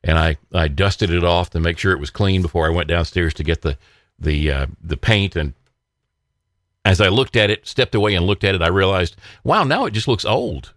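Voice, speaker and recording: A man's voice: low-pitched, normal speed, a bit bright, no echo, studio quality. A man hosting his own podcast, talking in a rambling, casual way with many fillers and restarts and frequent chuckles. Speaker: podcast host. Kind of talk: casual solo political podcast monologue.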